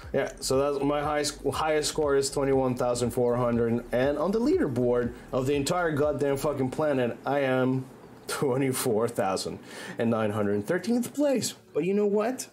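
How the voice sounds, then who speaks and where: Over faint background music, a man chats with viewers while streaming a game, swearing freely and rambling amid constant restarts and fillers. His voice is medium-pitched, expressive, and a little mellow, at normal speed.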